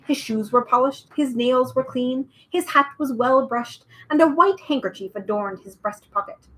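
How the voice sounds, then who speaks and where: A woman's voice: high-pitched, normal speed, a bit bright, rough recording. A woman reading a children's book aloud at home, with chatty, bubbly asides. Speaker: storyteller.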